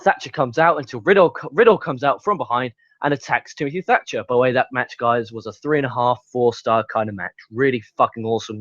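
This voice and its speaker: A young man reviews a wrestling show in a casual monologue, recapping the matches play by play and ranting with heavy swearing. His mid-range voice is a bit bright, recorded without echo but with a dull, lo-fi sound.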